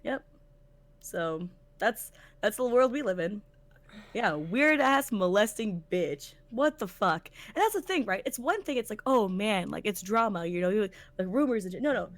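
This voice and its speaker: A podcast co-host with a medium-pitched voice at a normal speed tells a story in a casual chat. Speaking as a tournament organizer, she's emphatic and animated, and swears a lot.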